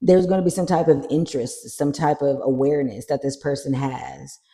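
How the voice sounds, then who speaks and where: Gravelly, mellow-voiced tarot reader. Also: medium pitch, brisk. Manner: animated, swears freely, acts out little scenes. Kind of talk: casual tarot reading.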